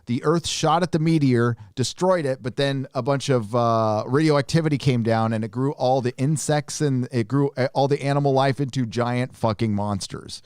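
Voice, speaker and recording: A man hosting a live online show, telling stories in a loose, rambling way and swearing freely. His voice sits at a middle pitch. The recording is dry and close. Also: moderate pace, few pauses, darkish tone, clean tone, dry recording. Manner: profane, rambling, restarts often. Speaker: podcast host. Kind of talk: casual chat on a live show.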